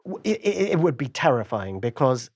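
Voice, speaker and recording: Male guest, mid-pitched, dry close sound, chatty and animated, full of asides. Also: moderate pace, no echo. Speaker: podcast guest, crypto trader. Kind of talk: casual interview chat.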